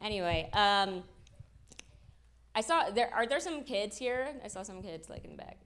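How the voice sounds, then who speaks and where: A young woman performing a self-deprecating stand-up comedy set on stage, with quick asides to the crowd. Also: medium pitch, expressive, fairly bright tone. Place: comedy stage with live audience. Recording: live show with clear background noise.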